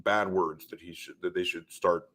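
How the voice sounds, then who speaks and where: A man co-hosting a podcast in casual chat, loud, jokey and swearing freely. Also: deep voice, steady tone, moderate pace. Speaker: podcast co-host.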